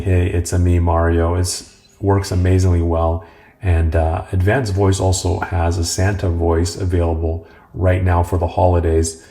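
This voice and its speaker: A man hosting a casual tech tutorial, talking in a relaxed, rambling way with filler words. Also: low-pitched. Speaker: host.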